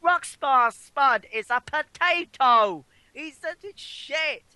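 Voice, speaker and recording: A British man with a bright voice that rises and falls a lot. He co-hosts a podcast in casual chat and is blunt, swearing freely. The recording is dry. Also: very high voice, animated, slow pace, no echo. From Britain. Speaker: podcast co-host.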